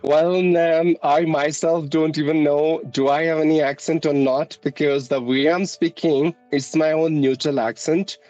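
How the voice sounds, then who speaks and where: A man's voice: on the high side, steady tone, unhurried, few pauses, a little mellow, dry recording, highs cut off. A man from India, an English teacher and channel host, answering interview questions in an earnest, formal way and politely calling her "ma'am". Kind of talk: conversational interview. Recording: faint background music.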